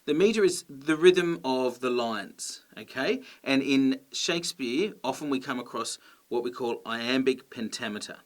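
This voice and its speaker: A man teaching a grammar lesson, explaining clearly and patiently and checking in with his listeners. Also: medium pitch, measured pace.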